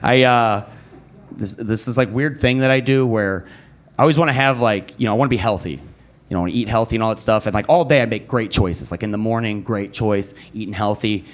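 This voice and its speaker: A young man performing a stand-up comedy set on a club stage, telling a story and jumping his voice up high to play other people. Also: a little fast. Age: young adult. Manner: animated storyteller who jumps high to act out other people. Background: live audience.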